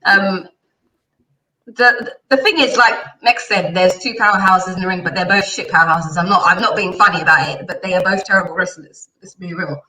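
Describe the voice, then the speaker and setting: Panelist: blunt woman, bright edgy tone, sits back from the mic in a roomy space. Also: lowish voice, fairly quick, far from the mic. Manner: blunt, outspoken. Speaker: podcast panelist. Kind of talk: casual chat.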